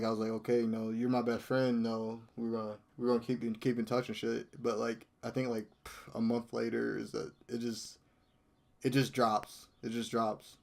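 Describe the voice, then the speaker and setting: A man with a gravelly, fry-heavy voice at a middle pitch, chatting casually on a podcast. He grows excitable and loud and fills his talk with "like" and restarts.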